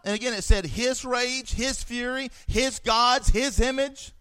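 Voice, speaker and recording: A man's voice: very high-pitched, normal speed, hardly any pauses, bright, forceful tone, clear, resonant tone. A man preaching a fervent sermon, reading scripture aloud and swelling for emphasis.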